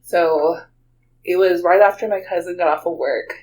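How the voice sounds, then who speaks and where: A woman's voice: fairly low pitch, normal speed, rough recording. Chatty woman, laughing storyteller. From Texas. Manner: animated, laughs often, many "like" fillers. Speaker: guest storyteller. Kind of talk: casual storytelling.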